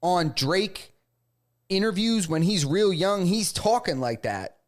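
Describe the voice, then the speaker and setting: Easygoing male co-host with a higher voice. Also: lively intonation, slow pace. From New York. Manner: laid-back, laughs often, says "bro". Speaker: podcast co-host. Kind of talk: casual chat.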